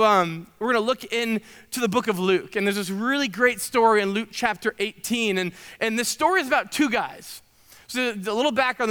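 A man's voice: very high-pitched, pushed and bright, clear, resonant tone, big-room sound. A man in his thirties preaching a sermon, telling chatty self-deprecating stories full of fillers. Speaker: pastor.

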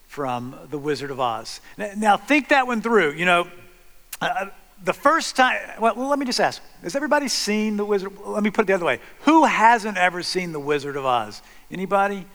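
A man's voice: sits high, animated, moderate pace, a bit bright. A man preaching a sermon to a congregation, telling a story with frequent restarts. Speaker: pastor. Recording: long hall reverb.

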